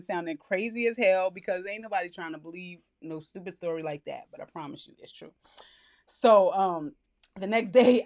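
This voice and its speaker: A young woman spills a wild storytime in a vlog, her voice sitting a little high. She is blunt and slangy and laughs through the telling. She leaps higher still whenever she acts out the people in the story. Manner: animated, acts out quotes in a higher voice. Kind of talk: casual storytime.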